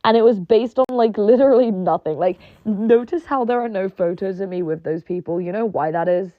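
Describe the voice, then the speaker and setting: A woman's voice: mid-range voice, fairly quick, no echo. A young woman ranting in a casual monologue, rambling and sarcastic with lots of fillers and swearing. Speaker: online personality. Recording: dull lo-fi dry recording.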